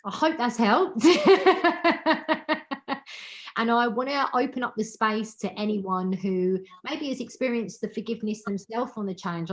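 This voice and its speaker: An earnest woman hosts a wellbeing circle over a video call, speaking with open emotion. She leans on repeated words to stress her points and keeps a steady mid-range pitch. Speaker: host of an online women's wellbeing meeting. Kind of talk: heartfelt motivational talk on a video call.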